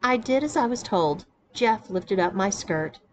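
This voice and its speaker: A woman narrating a first-person audiobook in an even, unhurried storytelling voice. Her pitch sits in the middle range, with a faint hiss in the recording. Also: poor audio. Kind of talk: audiobook reading of an erotic memoir.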